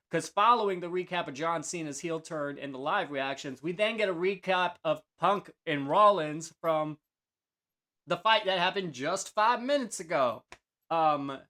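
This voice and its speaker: A man hosting a casual wrestling review show, talking loosely with many fillers and restarts and acting out the announcers' lines. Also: a little high. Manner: relaxed, many fillers and restarts, acts out quotes. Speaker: podcast host.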